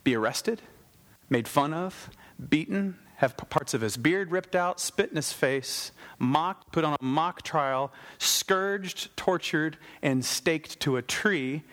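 A man preaching a sermon in a lively, conversational way, with wry asides. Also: a little high. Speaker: pastor.

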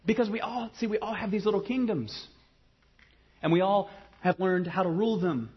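A man from Ohio preaching a sermon, mixing humorous storytelling with quiet, earnest passages. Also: high voice, moderate pace, slightly rough, highs cut off. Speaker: pastor.

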